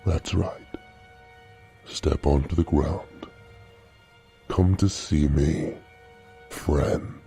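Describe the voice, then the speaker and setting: A man voicing a serpentine monster under a bed, coaxing slowly and menacingly in a deep, low growl. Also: steady tone, gravelly, dark tone, exaggerated voice. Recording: faint music underneath.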